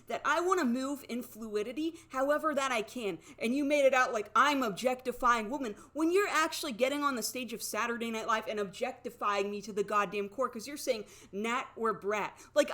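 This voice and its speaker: A young woman delivers a comic rant, indignant and escalating as she goes. She swears freely and punches her lines. Her voice sits a little high. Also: sharp tone. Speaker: comedian. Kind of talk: ranting monologue.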